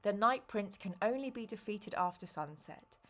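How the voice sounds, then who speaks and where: A woman voicing a weary, stern old male wizard who speaks calmly and in measured tones while reading a gamebook aloud. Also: mid-range voice, natural voice. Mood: grave, calm.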